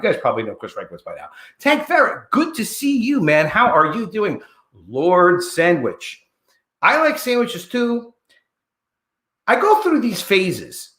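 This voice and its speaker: A man hosting a livestream in an echoey room, talking casually and rambling as he greets viewers by name. His pitch is a little high and jumps up and down a lot as he talks. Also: fairly bright tone. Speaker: livestream host.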